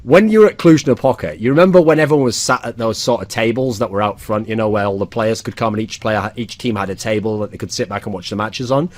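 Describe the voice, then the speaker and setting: A man's voice: on the low side, fast talker, few pauses, no echo. Casting: man, podcast host, joking and teasing, dry close-miked sound. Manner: teasing, joking, lots of laughing asides. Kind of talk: casual podcast chat.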